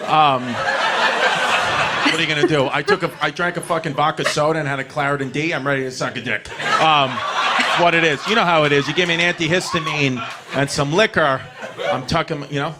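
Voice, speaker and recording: A male comedian with a New York accent tears through a profane, self-mocking story on stage. His voice sits a little high for a man, and the set is captured with a clearly audible crowd and room noise behind him. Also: steady tone. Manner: brash, profane, self-mocking, fast rambling delivery with crowd laughter. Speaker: stand-up comedian.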